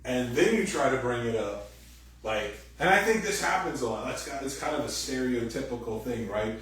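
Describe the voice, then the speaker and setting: A man giving a sermon as pastor, animated and conversational, acting out quoted voices loudly. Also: medium pitch, normal speed. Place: church hall. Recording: very echoey room, distant mic, faint noise.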